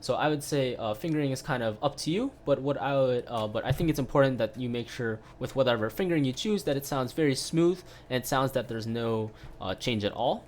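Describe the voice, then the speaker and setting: A man's voice: medium pitch, fairly quick, hardly any pauses, a little mellow, a little hiss or hum. A man giving a casual online piano lesson, explaining step by step with lots of "right?" tag questions and filler sounds. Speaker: piano teacher.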